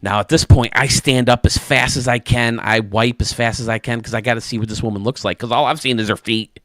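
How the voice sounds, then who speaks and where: A man's voice: medium pitch, a little fast, dry recording, studio quality. A man who hosts a gaming channel, telling a funny anecdote casually to his viewers and chuckling as he goes. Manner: animated, chuckling anecdote-teller. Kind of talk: casual storytelling to camera.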